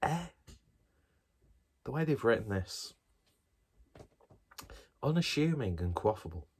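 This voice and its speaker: A man's voice: medium pitch, very animated, slow, breathy edge. A man chatting casually and wryly as he reviews a beer, dropping the odd swear word. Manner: chatty and wry, with off-the-cuff swearing.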